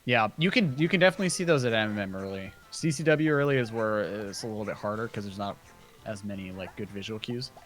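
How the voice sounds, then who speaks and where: A man casually commentating a speedrun race, chatty and quick, with plenty of fillers. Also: fairly low pitch, faint music behind.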